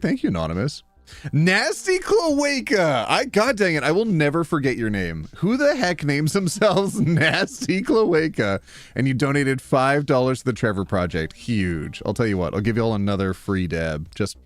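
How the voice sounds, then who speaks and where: Man, casual live-stream chat, lively swooping voice, playful and laughing, faint background music. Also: medium pitch, normal speed, no room sound. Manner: playful, reads donations aloud, laughs often.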